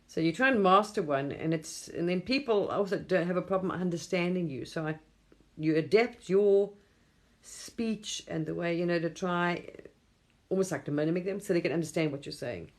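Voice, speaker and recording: On a casual late-night livestream from her phone, a middle-aged woman from England talks in a lowish voice at a moderate pace. Her delivery rambles, with frequent chuckles and mimicked voices in quotes.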